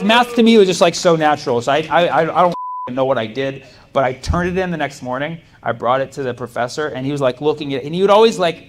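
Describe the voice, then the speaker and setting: A young man doing a stand-up comedy set on a club stage, chatty and loose, laughing through his punchlines. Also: fairly high pitch. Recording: live club recording with audience noise.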